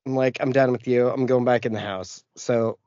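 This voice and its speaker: A man hosting a casual podcast rattles off a profane story about a family run-in and acts out every quoted line. His voice sits at an ordinary male pitch. The recording is dry and slightly dull and lo-fi. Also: moderate pace, clear, resonant tone, no room sound. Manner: profane, animated anecdote with acted-out quotes. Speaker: podcast host.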